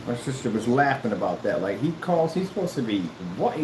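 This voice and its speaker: A man talks straight to his viewers in a heated, mocking rant. He is combative and circles back to the same points again and again, and his voice sits in a medium pitch. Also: very animated, brisk, reverberant, noisy background. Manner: repeats himself often. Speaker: YouTuber. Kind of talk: ranting callout video.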